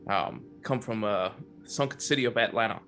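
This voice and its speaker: A man with a Southern accent playing an earnest, stammering fish-merchant heir in a tabletop role-play game, with soft music behind. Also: lowish voice, normal speed. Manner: hesitant, stammering, polite. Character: earnest young male fish-merchant heir from a wealthy family. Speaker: player, new to the group.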